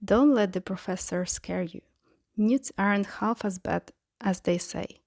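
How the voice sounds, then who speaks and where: Woman reading gentle studious guy, encouraging, slow, dry close sound. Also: medium pitch, creaky, dry recording.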